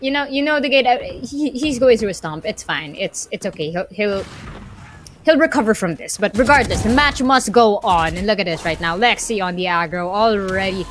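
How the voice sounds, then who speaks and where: A woman casting an esports match live, calling the action play by play. She is excitable and quick to exclaim when a big play happens. A faint hiss sits behind her voice. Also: medium pitch. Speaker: esports caster.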